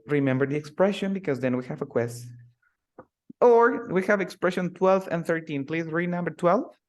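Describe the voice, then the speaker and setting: A man teaching English, who slows down to drill phrases and then speeds up to explain. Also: fairly high pitch. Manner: switches between slow drilled phrases and fast explanations. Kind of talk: live online English lesson.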